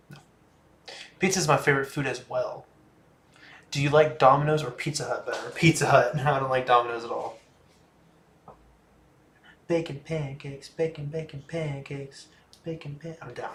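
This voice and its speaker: A man's voice: medium pitch, a bit bright, echoey room. A man in his twenties hosting a casual livestream, answering viewer questions in a laid-back, chatty way that often trails off. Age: 20s. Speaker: livestream host. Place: room in a home.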